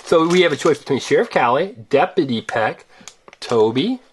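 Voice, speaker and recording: A woman with a low voice that swoops up and down a great deal. She chats with a child in an animated, teasing, sing-song way while opening toys. Faint noise sits behind her. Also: normal speed. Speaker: parent hosting a toy-unboxing video.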